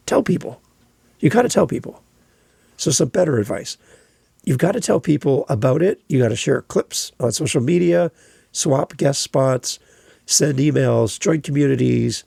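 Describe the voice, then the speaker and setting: Gravelly-voiced man hosting a podcast. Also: medium pitch, warm tone, dry recording, clean studio sound. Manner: emphatic, repeats phrases for stress. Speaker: podcast host. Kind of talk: solo podcast monologue.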